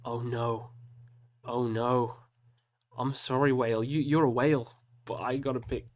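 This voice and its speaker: A man's voice: mid-range voice, steady tone, a little slow. Man groaning over tough metal album picks. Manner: chatty, groaning over hard choices, self-mocking. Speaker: metal reaction host. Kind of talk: casual solo commentary while picking albums.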